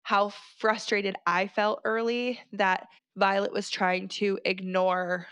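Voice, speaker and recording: A woman co-hosting a podcast, talking casually and with animated, exasperated asides. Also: medium pitch, slow, clean tone, no room sound. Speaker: podcast co-host. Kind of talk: casual book discussion.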